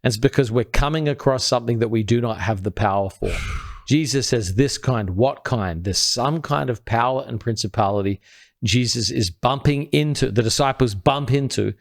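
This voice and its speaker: A man co-hosting a talk show, explaining a Bible passage in an earnest, step-by-step teaching style, and dropping quiet and low when he quotes scripture. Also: moderate pace, creaky. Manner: earnest, builds points step by step. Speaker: podcast co-host.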